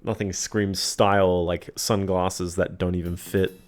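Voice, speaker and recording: Low-voiced man rambling over game music. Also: little pitch movement, a little slow. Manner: rambling, hedging, chuckles to himself. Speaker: game streamer. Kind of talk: casual game-stream commentary.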